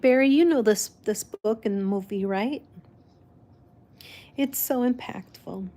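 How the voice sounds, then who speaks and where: Slow-talking woman, Spanish first language. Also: fairly high pitch, warm tone. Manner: rambling, restarts often, laughs. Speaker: vlog host. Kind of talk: casual chat.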